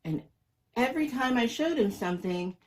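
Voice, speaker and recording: A man reading a children's picture book aloud in a lively, expressive storytelling voice. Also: extremely high pitch, moderate pace, poor audio. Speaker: storybook reader.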